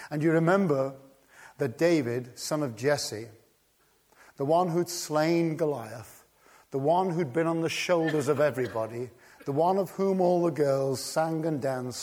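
A high-voiced man preaching slowly and deliberately, letting each phrase land. He moves between hushed, quiet passages and urgent, climbing appeals, building drama through his sermon.

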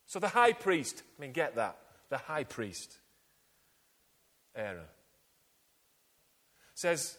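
A man's voice: medium pitch, big pitch swings, takes it slowly, pauses often, fairly bright tone, in a large hall. A man preaching a sermon with dramatic emphasis and rhetorical questions.

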